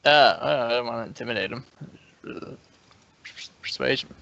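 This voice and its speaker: A man's voice: medium pitch, moderate pace, creaky, bright, forceful tone. A man playing a tabletop game, joking and teasing, on dull lo-fi audio. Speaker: player. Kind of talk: casual tabletop play. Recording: dull lo-fi dry stream audio.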